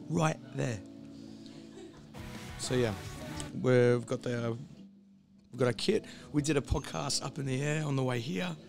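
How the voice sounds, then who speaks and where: A hoarse man with a husky voice, chatting casually and rambling before a live stream, swearing freely and losing his train of thought. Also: mid-range voice, measured pace, long pauses, over music. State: hoarse, voice recovering. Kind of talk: casual pre-stream chat. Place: hostel.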